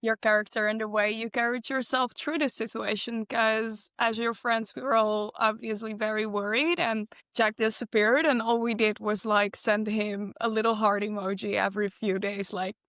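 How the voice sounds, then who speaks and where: A woman hosting a podcast, speaking earnestly and warmly to a friend she interviews. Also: a little high, steady tone, normal speed, hardly any pauses, dry recording, clean studio sound. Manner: warm, earnest, affirming. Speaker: podcast host. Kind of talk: heartfelt interview talk.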